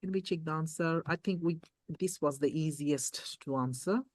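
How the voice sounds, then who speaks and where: Revision tutor, mid-pitched, talks students through exam questions step by step and repeats key points; dry close recording. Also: a little mellow, no room sound. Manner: reads questions aloud slowly, quizzes and repeats points.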